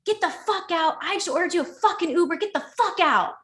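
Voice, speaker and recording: A man's voice: high voice, unhurried, pushed and bright, reverberant. A woman quoting her drunk, raging boyfriend in her story, screaming curses and later pleading. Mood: furious. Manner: screaming, profane, then pleading. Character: drunk raging young boyfriend, then tearful.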